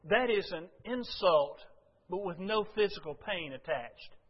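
A man preaching a sermon, building to loud, impassioned bursts when he quotes Jesus. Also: high voice, lively intonation, measured pace, husky. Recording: dull lo-fi sound with long hall reverb.

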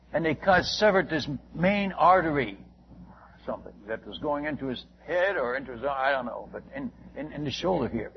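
An older man telling a long, folksy story about his missionary work in a rambling, casual way, full of restarts and asides. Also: on the high side. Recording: muffled lo-fi recording with faint hiss.

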